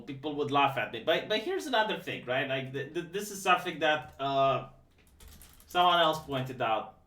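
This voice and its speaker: A high, bright male voice that mocks with dry sarcasm and trips over his own words as he restarts. He sits back from the mic in a room that echoes noticeably. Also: very animated, normal speed, distant mic. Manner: sarcastic, mocking, stammering restarts. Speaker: live-stream host. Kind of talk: casual live-stream commentary.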